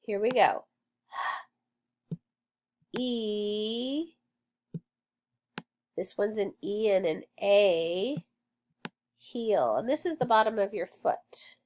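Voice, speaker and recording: A woman's voice: medium pitch, drawn-out words, long pauses, a little mellow. A woman teaching a phonics lesson to children, sounding out words and letters patiently and praising often.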